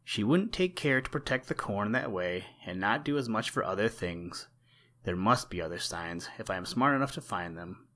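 Man putting on a storybook crow, sly, boastful, self-assured, lowish voice lifted a touch. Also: animated, moderate pace, fairly bright tone. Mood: chatty.

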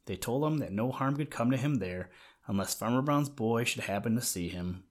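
A man gently reading a children's animal story aloud in a measured way. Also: mid-range voice, expressive. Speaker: narrator.

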